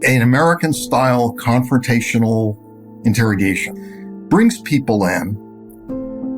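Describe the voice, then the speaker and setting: A man interviewed as an expert, explaining in a firm, methodical way. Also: mid-range voice.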